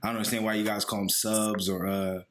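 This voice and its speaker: A man's voice: on the low side, level tone, fast talker. A young man from the Philadelphia area co-hosting a casual podcast, talking bluntly and ramblingly and swearing freely. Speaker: podcast co-host. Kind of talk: casual chat.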